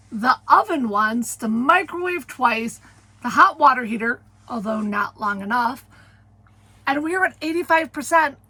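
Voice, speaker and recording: Brief: upbeat woman vlogger, slightly high, breathy, chatty. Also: pushed and bright, no room sound. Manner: chatty, laughs often. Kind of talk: casual vlog narration.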